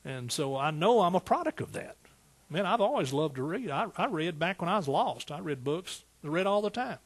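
A man's voice: fairly high pitch, normal speed, breathy edge. Folksy East Texas preacher man. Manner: folksy, animated preaching with rhetorical questions. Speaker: pastor. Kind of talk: sermon.

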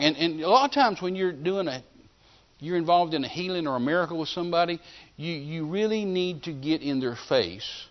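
A man preaching a sermon, telling a healing story in an animated way and acting out the scenes. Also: on the high side. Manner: animated storyteller who acts out scenes and shouts commands. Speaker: evangelist preacher. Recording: dull lo-fi sermon recording.

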